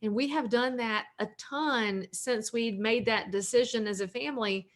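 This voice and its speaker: A woman's voice: on the high side, moderate pace. A woman in her forties from North Carolina with a Southern US accent, a realtor and author talking at length in a casual interview, upbeat and joking.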